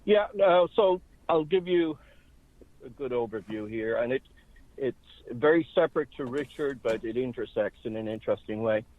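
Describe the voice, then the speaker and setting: A man's voice: medium pitch, expressive, moderate pace, no room sound. Man in his 60s on a phone line. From Ireland. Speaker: interview guest. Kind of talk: recounting his life story. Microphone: telephone. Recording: dry tinny phone line.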